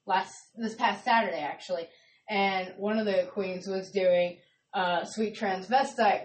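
Woman doing loud laughing stand-up. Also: medium pitch. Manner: loud, laughing, swears freely. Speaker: comedian telling stories. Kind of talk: casual stand-up storytelling. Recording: echoey room from a distance.

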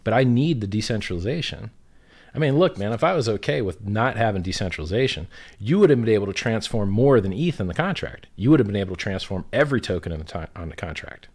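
A man's voice: fairly low pitch, expressive, fast, a little mellow. Blunt, swearing man in casual chat. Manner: blunt, emphatic, swears freely.

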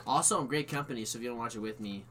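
A young man chatting casually with friends, excitable and quick to laugh. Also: slight background noise. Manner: excitable, laughs often, lively swings in pitch. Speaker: podcast co-host. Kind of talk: casual chat among friends.

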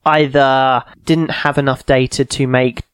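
A man co-hosting a hobby podcast in casual chat. He is relaxed and wry and laughs often. His voice sits at a middle pitch, recorded close on a dry microphone. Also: unhurried, clear, resonant tone, no room sound. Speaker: podcast co-host.

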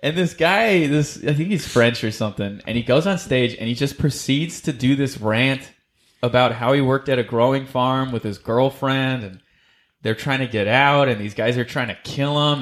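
Animated young comedian telling a story. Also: male voice, mid-range voice. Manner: animated, acts out other people's voices. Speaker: stand-up comedian guest. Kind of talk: casual storytelling.

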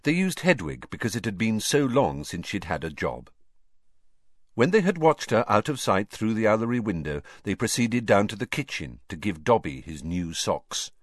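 A man reading a novel aloud as an audiobook, very expressive and acting out every character. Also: fairly low pitch, no echo, studio quality. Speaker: audiobook reader. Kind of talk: scripted audiobook narration.

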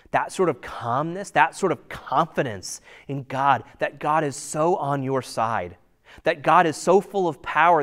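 A man preaching a sermon in a conversational way, full of rhetorical questions and sometimes dropping to a near-whisper for emphasis. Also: on the high side. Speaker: pastor.

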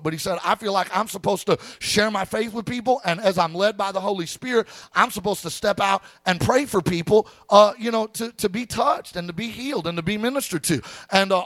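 A man preaching a sermon as pastor. His voice sits high and sounds dry and close, with no room echo. He tells stories in an easy, talky way and keeps calling out to his listeners. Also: fairly bright tone. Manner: conversational storytelling with preacher call-outs.

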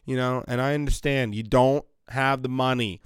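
A man's voice: mid-range voice, moderate pace, clean tone, no echo, clean studio sound. A man hosting a podcast from his basement, rambling bluntly and swearing in a casual monologue. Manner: rambling, blunt, profane, animated. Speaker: podcast host. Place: home basement.

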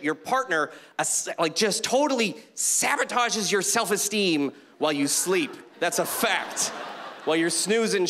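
High-voiced animated stand-up comedian man. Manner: animated, acts out voices and quotes. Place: comedy club stage before a live audience.

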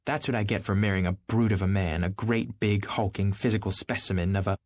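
A man voicing a charming, flighty young society wife who speaks in a breathy, lilting, teasing way. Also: on the low side, fairly even intonation, brisk, no echo, natural voice.

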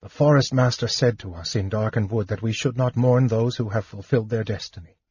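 A man voicing a grave, noble knight who speaks softly and low, resigned and tender, in an audiobook. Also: fairly quick, slightly rough, no room sound, highs cut off. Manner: soft, low, hushed. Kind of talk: audiobook character voice.

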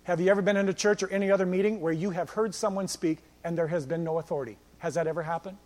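Pastor guy preaching, high voice, acts out the stories, big echoey church hall. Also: racing. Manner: animated storytelling, acting out quoted lines. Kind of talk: sermon. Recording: long reverb of a church hall.

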